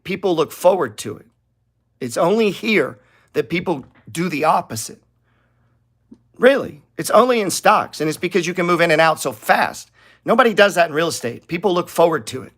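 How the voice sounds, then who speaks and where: Middle-aged man, trading channel host; blunt, profane, loose and rambling. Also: a little high. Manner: blunt, profane, rambling, gets heated and louder. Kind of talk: casual trading talk to viewers.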